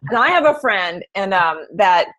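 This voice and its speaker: A woman's voice: medium pitch, moderate pace, muffled recording. Chatty woman coaching health coaches. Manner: chatty and animated, tells anecdotes. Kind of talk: casual coaching call.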